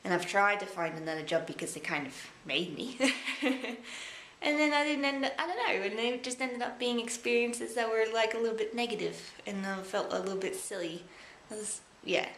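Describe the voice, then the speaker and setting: Young Australian woman, thoughtful and halting, talking to camera in an echoey room. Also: mid-range voice, a bit bright. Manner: rambling, reflective, halting with many fillers. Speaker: vlogger. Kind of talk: rambling personal time-capsule vlog. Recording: echoey room with faint background noise.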